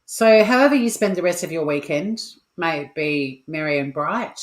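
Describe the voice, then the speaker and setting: On a home mic in her kitchen, an Australian woman with a deep, animated voice hosts a relaxed cooking livestream at normal speed. The sound is reverberant, and she jokes, swears freely, and chats with viewers in asides.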